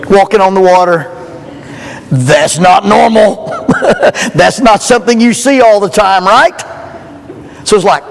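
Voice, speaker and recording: A man preaches to a youth rally, telling stories with a folksy, joking delivery. His voice sits a little high for a man. A long reverb trails each phrase through the church hall. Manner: folksy, joking, animated storytelling. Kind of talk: storytelling sermon.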